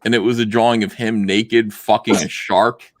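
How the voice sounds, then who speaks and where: A man telling a story deadpan on a lagging video call, apologizing as he goes. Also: on the low side, normal speed, dry recording. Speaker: panelist. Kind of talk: casual chat. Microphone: video call with delay.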